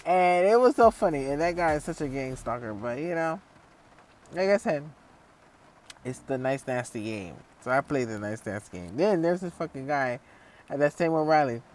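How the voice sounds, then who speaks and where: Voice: medium pitch, moderate pace, a little hiss or hum. A vlogger talking in a casual, rambling monologue, swearing a lot and full of fillers, acting out other people when telling stories. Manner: profane, rambling, frequent fillers; lively storyteller acting out others.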